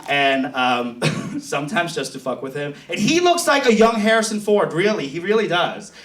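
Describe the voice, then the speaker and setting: A stand-up comedian and show host performs a bawdy, confessional set on a theater stage, telling stories animatedly. His voice is fairly high-pitched at normal speed, recorded from far off in an echoey theater with loud crowd laughter and a little hiss or hum.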